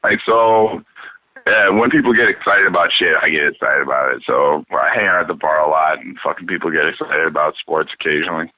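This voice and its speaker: A man hosting a talk show in loose, profane casual chat, rambling and animated. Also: rumbling low, fairly quick, dry recording. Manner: rambling, swears a lot, animated. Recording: dry, phone-like radio sound.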